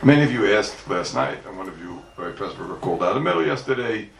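A man's voice: fairly low pitch, expressive, fast talker, creaky, fairly bright tone. A man teaching Talmud to a congregation as a rabbi, emphatic, asking and answering his own questions and repeating key points. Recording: echoey room mic from far off, faint background noise.

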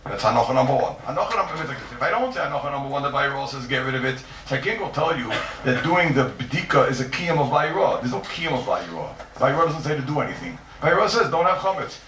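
A man's voice: mid-range voice, animated, quick pace, fairly bright tone, slight background noise. Man lecturing from afar in an echoey room. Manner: emphatic, repeats points, rhetorical questions. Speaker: Torah teacher. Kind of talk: Talmudic lecture. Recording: echoey room, distant mic.

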